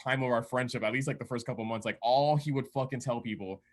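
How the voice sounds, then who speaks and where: A man's voice: mid-range voice, fast. A man telling casual anecdotes among friends, laughing often and acting out quoted lines. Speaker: DJ and podcast guest. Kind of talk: casual storytelling chat.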